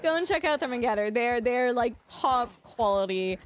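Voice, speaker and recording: Lady streamer rambling away mid-game, kinda high voice, says like a lot. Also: lively intonation, moderate pace, a little hiss or hum. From Canada. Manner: chatty, rambling, lots of filler "like"; gushing, effusive toward viewers. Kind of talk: live gameplay commentary.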